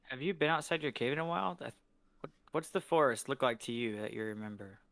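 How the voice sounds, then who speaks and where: A man's voice: mid-range voice, quick pace, creaky, fairly bright tone, no room sound. A man playing in a tabletop game, chatting in a joking, easygoing way. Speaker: player. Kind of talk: casual tabletop game chat.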